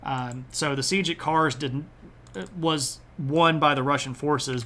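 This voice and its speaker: A man's voice: mid-range voice, a bit bright. A man giving a casual, chatty history lecture on a live stream, with frequent "uh" and "um" fillers. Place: home streaming setup.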